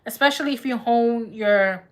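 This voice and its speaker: A woman's voice: fairly high pitch, normal speed. A woman doing a live tarot reading in a chatty, laughing, slangy way. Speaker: tarot reader.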